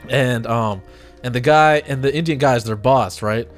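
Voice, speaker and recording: A man's voice: medium pitch, moderate pace, faint music behind. A man hosting a radio show in casual chat, telling stories animatedly with frequent restarts and laughter.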